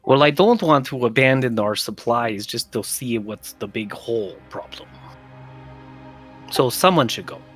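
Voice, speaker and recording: A man's voice: medium pitch, lively intonation, a little slow, fairly bright tone, slightly rough, soft background music. A man playing a tabletop game casually, joking and teasing the others. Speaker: player.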